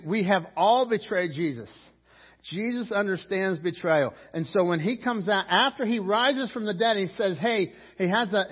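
Husky preaching man in a hall. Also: sits high. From Pittsburgh. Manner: animated preaching with voiced quotes and asides. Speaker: pastor. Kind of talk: sermon. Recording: dull recording in a reverberant hall.

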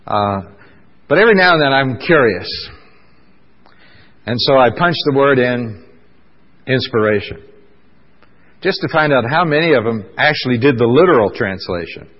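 A man's voice: mid-range voice, lively intonation. Male pastor, casual sermon delivery with many "uh"s, long echoing hall, muffled lo-fi sound. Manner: conversational, fills pauses with "uh", asks the congregation questions.

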